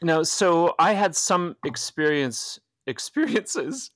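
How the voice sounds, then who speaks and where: A man's voice: a little high, big pitch swings, takes it slowly, fairly bright tone, no room sound, clean studio sound. A man hosting a podcast in a casual chat, joking and swearing freely while he teases his guest. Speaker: podcast host.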